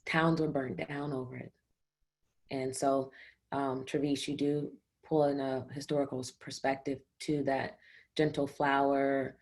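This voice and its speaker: A woman speaking as a panelist in a roundtable discussion, measured and steady. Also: very deep voice.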